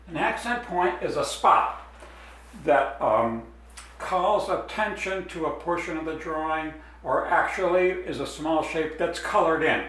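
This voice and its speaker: A man's voice: fairly high pitch, slow, a bit bright, heavy reverb, recorded from a distance, slight background noise, poor audio. A man explaining step by step as he draws a design in a drawing demonstration. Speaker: art teacher.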